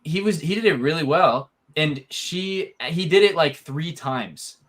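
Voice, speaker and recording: A man's voice: fairly high pitch, unhurried, a bit bright. A man hosting a casual podcast chat, talking in a rambling, filler-heavy way.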